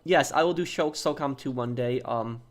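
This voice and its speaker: A man's voice: medium pitch, normal speed. Rambling young man chatting on stream. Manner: rambling, many ums and uhs, repeats himself. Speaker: streamer answering chat. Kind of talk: casual live-stream chat.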